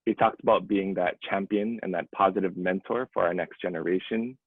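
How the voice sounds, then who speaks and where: Hosting a webinar over a video call, a man reads a scripted introduction that is earnest and gracious, with a few fillers. His voice sits low and is husky and steady, a little fast, with phone-quality sound and no room sound.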